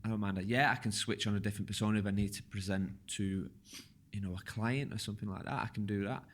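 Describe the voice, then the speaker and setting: A podcast host with a slightly low voice conducts a casual interview, talking fast, loosely, and at length. He's relaxed and rambling, often circling back and restarting questions while he works them out.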